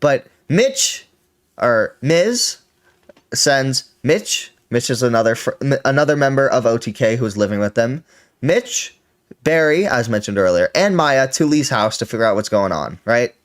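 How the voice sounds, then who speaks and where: A man's voice: medium pitch, animated, unhurried. A man hosting a reaction stream, giving casual, profane commentary that rambles and corrects itself.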